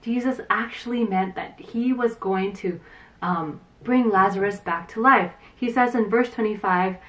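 A woman teaching Sunday school to children, retelling a Bible story in an animated way and acting out the quotes, with some fillers. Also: mid-range voice, unhurried, recorded from a distance.

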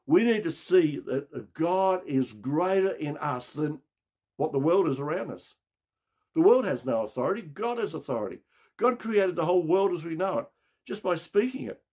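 A man preaching a sermon as pastor, asking rhetorical questions and dropping to a low voice for emphasis. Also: animated, moderate pace, darkish tone, slightly rough.

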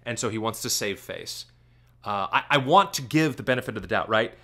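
A man giving commentary on a clip, asking sarcastic rapid-fire questions. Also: fairly low pitch, lively intonation, bright, forceful tone.

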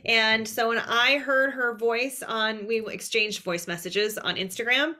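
A woman's voice: fairly high pitch, unhurried, bright, forceful tone. A woman from Canada hosting an interview, chatty and upbeat with lots of fillers. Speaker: podcast host, fitness and nutrition coach. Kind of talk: casual interview chat.

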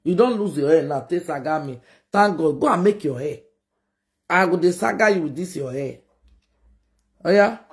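A woman with a Nigerian Pidgin accent hosting a gossip reaction video, scolding and mocking with sudden shouts. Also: low voice, lively intonation, moderate pace, pauses often. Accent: Nigerian Pidgin English. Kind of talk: animated reaction commentary.

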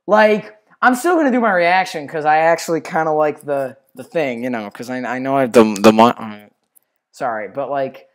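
A young man giving casual reaction commentary, loud, blunt and exasperated. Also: medium pitch. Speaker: reaction video host.

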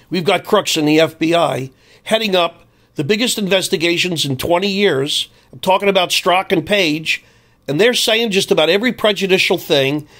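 A man's voice: on the high side, fairly bright tone. An older man delivering an angry, emphatic monologue as a commentator. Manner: emphatic, heated ranting.

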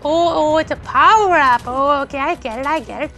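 A woman playing a video game with friends, excitable and shrieky, talking back at the game. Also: high voice, fairly quick, soft background music. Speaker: gamer. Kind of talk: excited gaming commentary.

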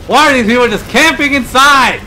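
A young man recording excitable, swear-filled let's play commentary, yelping and grumbling at the game over its gunfire. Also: very high voice, a little fast, soft background music. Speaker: gaming YouTuber. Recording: gameplay gunfire behind the voice. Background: gunfire and explosions from the game.

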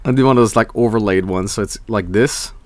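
A man's voice: fairly low pitch, quick pace, a little mellow, no echo. A young man streaming, chatting casually and reading viewer messages, rambling and swearing, often breaking into laughs.

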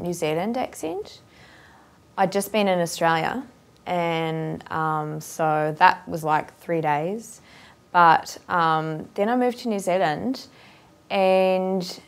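A woman actress and accent coach talking openly and at length, animated and straightforward, thinking aloud with ums. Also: medium pitch. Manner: open, straightforward, talkative. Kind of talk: casual interview talk.

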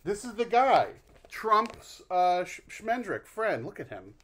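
A man's voice: sits high, sing-song, slow pace, fairly bright tone, slight background noise. A man hosting his own vlog, rambling in a wry, self-deprecating way with mock groans and asides. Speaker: vlog host. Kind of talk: casual rambling monologue.

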